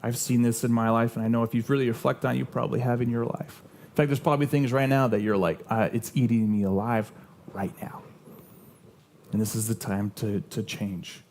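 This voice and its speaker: Man, pastor, sermon, earnest and conversational, medium pitch, frequent restarts. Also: fairly even intonation, fast, gravelly, darkish tone, a little hiss or hum. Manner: earnest, conversational preaching with personal stories and many restarts. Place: church sanctuary.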